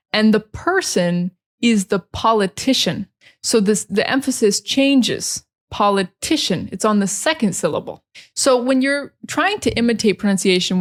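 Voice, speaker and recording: A woman from Maine with an American accent, teaching English pronunciation and repeating words slowly and carefully, syllable by syllable. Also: mid-range voice. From Maine, USA. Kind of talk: pronunciation lesson.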